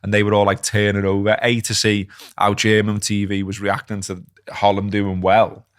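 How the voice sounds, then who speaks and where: A middle-aged man, chatting on a football podcast and getting animated when he retells rows. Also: on the low side, moderate pace, dry recording. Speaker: podcast host. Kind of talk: casual chat.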